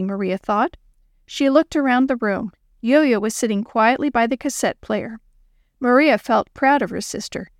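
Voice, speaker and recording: A woman narrating a children's story in a clear, expressive reading. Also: fairly high pitch, moderate pace, dry recording, clean studio sound.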